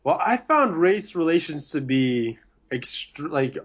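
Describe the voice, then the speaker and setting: A man's voice: on the high side, takes it slowly. Young man, podcast guest, easygoing casual chat, hesitant, slightly muffled lo-fi recording. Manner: relaxed, easygoing, many fillers and hesitations. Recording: slightly dull, lo-fi sound.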